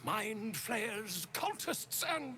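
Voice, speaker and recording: A man's voice: sits high, big pitch swings, extremely slow, bright, forceful tone, soft background music, full character voice. An actor playing a pompous, chatty male traveling author in a video game, with a flowery, theatrical, self-important delivery. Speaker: game character.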